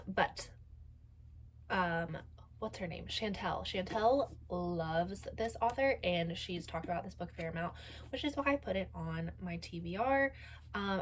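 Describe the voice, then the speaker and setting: A woman's voice: lowish voice, low-quality recording. A young woman chatting casually in a book vlog, rambling and filler-heavy. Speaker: book vlogger. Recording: loud background noise.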